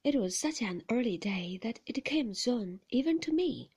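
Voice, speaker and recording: A woman reading a classic novel aloud in a soft, half-whispered voice. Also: a little high, lively intonation, moderate pace, slightly rough. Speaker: narrator. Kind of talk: storybook reading.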